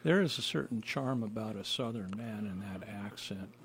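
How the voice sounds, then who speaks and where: Gravelly playful male host. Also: on the low side. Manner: playful, laughs a lot, talks in halting phrases. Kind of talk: casual conversation.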